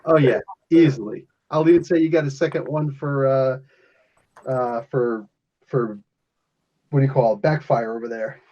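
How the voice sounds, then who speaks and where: A man's voice: mid-range voice, moderate pace. A man from New Jersey, the game master, narrating a tabletop game in a rambling, chuckling way with many fillers. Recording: dull lo-fi sound.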